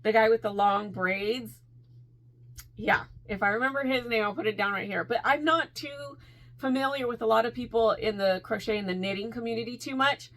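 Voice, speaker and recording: A woman vlogging casually to camera, telling stories with quick asides, bursts of laughter and an animated delivery. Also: fairly high pitch. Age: adult with a school-age daughter. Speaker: crochet vlogger.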